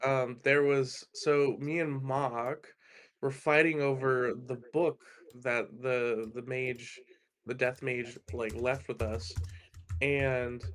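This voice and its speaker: A man at mid pitch chatting casually as a player in a tabletop game. He sounds tentative and asks a lot of questions. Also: fairly bright tone, slight background noise.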